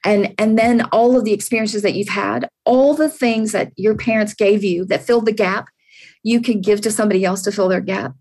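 A woman's voice: medium pitch, fairly even intonation, a little fast, a little mellow. A woman in her sixties, an interview guest, speaking earnestly and encouragingly, often repeating her words. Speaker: podcast guest. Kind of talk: heartfelt interview answers.

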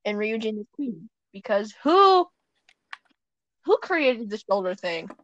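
A woman's voice: fairly high pitch, big pitch swings, slow pace, a bit bright, highs cut off. A young woman chatting casually at home as a podcast co-host, rambling, giggling and correcting herself as she goes. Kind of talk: casual chat. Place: at home on her bed.

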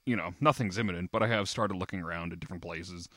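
A man's voice: low voice, quick pace, no room sound. A young man co-hosting a podcast, chatting casually and swearing now and then. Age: young adult. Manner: laid-back, lively, swears casually. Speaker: podcast co-host.

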